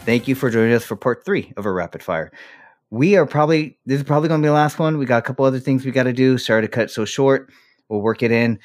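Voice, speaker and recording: A man's voice: mid-range voice, quick pace. Ranting, profane male podcast host. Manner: ranting, profane, laughs often. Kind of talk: casual podcast chat.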